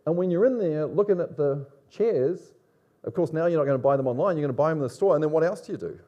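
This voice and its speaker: A middle-aged man with a Long Island accent giving a lively, conversational conference presentation and putting questions to the audience. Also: fairly high pitch, fast talker, dull audio. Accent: Long Island New York. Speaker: conference speaker, business academic.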